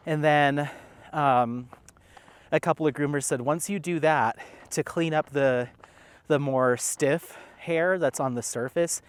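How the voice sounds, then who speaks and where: A man's voice: on the high side, slow pace, smooth, no echo. A man vlogging at an outdoor dog park, chatting casually in a rambling way. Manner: rambling, chatty, stops often to call his dog. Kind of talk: casual chat.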